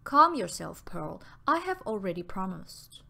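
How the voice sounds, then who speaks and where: A woman reading the part of a caring young woman who speaks gently and reassuringly. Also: medium pitch, very animated, a little slow, vocal fry, heavily acted. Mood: soothing.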